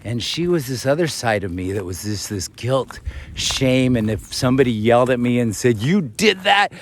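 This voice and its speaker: A man casually telling a rambling story to camera outdoors in a forest, chatty and quick to laugh. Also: medium pitch, a little hiss or hum. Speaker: vlogger.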